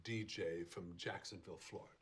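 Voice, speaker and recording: A man's voice: low voice, steady tone, a little fast, crowd noise, natural voice. A man playing a theatrical afterlife architect. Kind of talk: sitcom acting.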